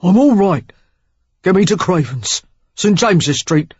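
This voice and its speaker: A woman voicing a rough, wounded Cockney young man. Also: on the low side, expressive, a little slow, darkish tone, no room sound, lo-fi sound. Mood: gruff. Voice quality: rough, harsh.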